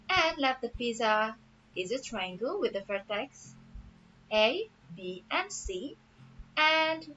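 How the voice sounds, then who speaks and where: A woman teacher explaining a math lesson patiently, repeating each step slowly. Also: fairly high pitch, sharp tone. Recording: dull lo-fi audio with faint music.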